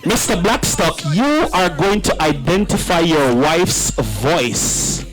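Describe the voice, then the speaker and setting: Man, wedding emcee, lively swooping pitch, unhurried delivery, playful with the crowd, fairly high voice. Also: faint music behind, low-quality recording. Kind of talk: hosting a wedding reception.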